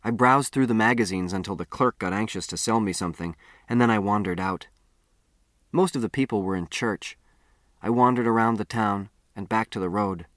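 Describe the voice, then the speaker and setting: Low-voiced man narrating an audiobook. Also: dry recording, studio quality. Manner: measured first-person storytelling, quieter on reflective lines. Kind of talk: scripted narration.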